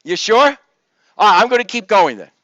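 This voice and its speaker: Casting: male lecturer, high voice, loud and teasing, dry dull recording. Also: big pitch swings, a little fast, dry recording. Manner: joking, coaxing, calls students by name; loud, projects voice to the room. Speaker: engineering professor. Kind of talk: lecture review session.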